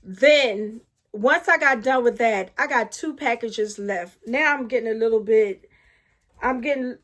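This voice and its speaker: This middle-aged woman's voice sits on the high side, and she keeps a measured pace while sharing a story-time vlog. She's animated, addresses viewers directly with frequent asides, and excitedly starts her sentences over again and again.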